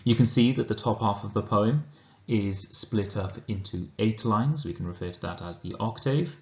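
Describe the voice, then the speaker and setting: A man with a Welsh accent teaching a lesson, explaining slowly and carefully, then reading a poem aloud. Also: lowish voice. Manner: slow, measured explanation. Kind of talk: recorded lesson and poetry reading. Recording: roomy, dull lo-fi recording.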